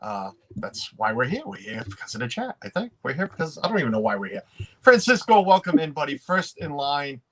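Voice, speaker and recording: A man hosting a casual livestream rambles as he greets chat, interrupting himself often and quick to laugh. His voice is fairly high, very animated and fairly bright.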